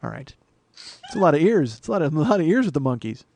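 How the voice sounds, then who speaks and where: A middle-aged man hosting a comedy podcast, rambling through a solo monologue with self-mocking asides and sudden bursts of loud mock-outrage. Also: a little high, sing-song, fast talker, a little hiss or hum. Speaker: podcast host.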